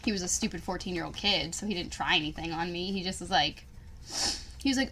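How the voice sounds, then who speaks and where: A woman's voice: on the low side, fast talker, slight background noise. A young woman co-hosting a podcast, telling a story in casual chat with frequent swearing and lots of "like". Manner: profane, animated storytelling. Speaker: podcast co-host.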